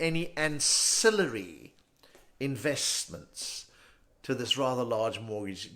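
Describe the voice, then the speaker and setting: A man voicing a pompous, posh British bank manager who speaks with a stiff upper lip, slow and condescending. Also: mid-range voice, fairly bright tone, pitched below the performer's own voice. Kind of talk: stand-up comedy impression.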